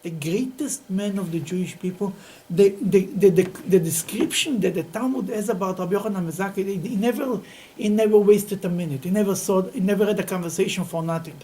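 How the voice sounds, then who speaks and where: A middle-aged man, a rabbi, teaching a Talmud class in an animated storytelling way, often laughing and repeating words. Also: sits high, fairly quick, poor audio.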